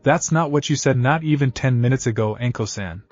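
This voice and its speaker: A man's voice: medium pitch, fairly quick, darkish tone, muffled recording, faint music behind, close to an everyday voice. A man reading the lines of a brooding, bitter boy ninja in a plain read-aloud manner. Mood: weary.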